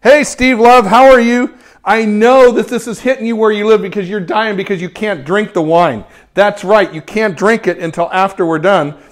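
A cheerful photography teacher, fairly high-voiced for a man, runs a live stream where he talks viewers through a demo while he works. He's upbeat and chatty, showering the audience with quick praise and eager to encourage them.

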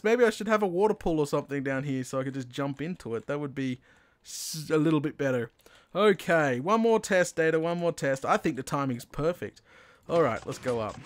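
A man narrating his own Minecraft play, talking himself through each step and bursting into excited shouts when things work. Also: a little high, normal speed. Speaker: gaming channel host. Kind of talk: Minecraft let's play commentary.

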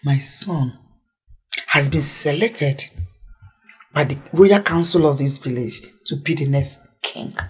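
A Nigerian woman playing a domineering, scheming mother who pushes her son to remarry, speaking loudly and emphatically. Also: sits low, takes it slowly, pauses often, breathy edge, full character voice. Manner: loud, emphatic, cajoling. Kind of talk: Nollywood film acting.

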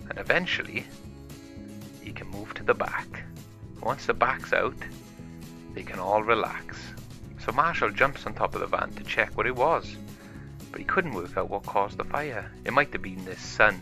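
A man with a lowish, bright voice tells a toy story in a chatty, improvised way. Soft music plays behind him. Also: normal speed. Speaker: toy video narrator.

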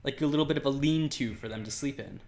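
A man's voice: medium pitch, quick pace, a little mellow. A man casually commenting while playing a building game, rambling, laughing often and talking to the animals on screen. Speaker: Minecraft let's player.

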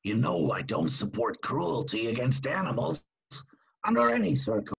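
An actor playing a chatty, dim-witted hired killer in an amateur video-call play, talking in a rambling, eager-to-please way. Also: male voice, mid-range voice, huge pitch swings, normal speed, creaky, slightly rough, muffled recording, exaggerated voice.

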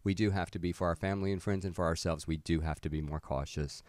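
A man's voice: low voice, fairly even intonation, fast, darkish tone, dry recording. A middle-aged man from the American South, co-hosting a casual news chat and bluntly retelling stories. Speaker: co-host.

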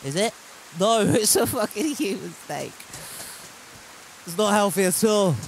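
A man's voice: high voice, animated, a little slow, a little hiss or hum, low-quality recording. A man streaming a survival game, chatting and joking, swearing freely and reading the chat aloud. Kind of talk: casual gameplay commentary.

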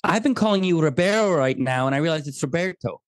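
An American man in a remote interview, his fairly high voice swinging through jokey stories and acted-out quotes. The sound is close and dry, with almost no room around it. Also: fast talker, dry recording. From United States. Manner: animated, jokey storytelling with quoted asides. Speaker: guest. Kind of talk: podcast interview.

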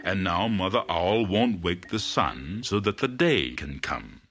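A man voicing a stern male lion king in a storybook tale, speaking slowly and gravely. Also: sits low, expressive, music in the background. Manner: slow, grave, drawn out.

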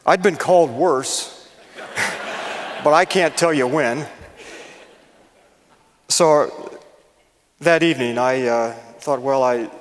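An older man gives a public lecture in a large hall, and his voice rings with a long reverb. He speaks at a middle pitch with a folksy, self-deprecating humor. His talk is full of ums and uhs as he builds his stories. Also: takes it slowly, pauses often, a little hiss or hum. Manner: folksy, self-deprecating storyteller with many fillers. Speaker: guest lecturer.

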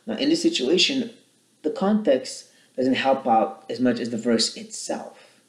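A man's voice: animated, unhurried, roomy sound, low-quality recording. Earnest man explaining a Bible verse. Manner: earnest, rises in pitch and volume when reading scripture aloud. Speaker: Bible teacher. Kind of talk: short Bible teaching talk.

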